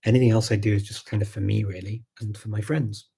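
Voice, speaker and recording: A man with a Scouse accent hosting a live chat, answering viewer questions in a relaxed way, thinking aloud with many pauses and restarts. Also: on the low side, creaky, husky. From Liverpool, England. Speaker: host of a live language chat.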